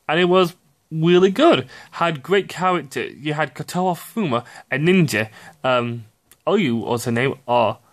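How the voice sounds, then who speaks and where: A young man giving profane, ranting commentary on video games, excitable and quick to burst out shouting. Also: medium pitch. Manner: excitable, swears often, sudden shouty outbursts. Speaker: gaming commentator.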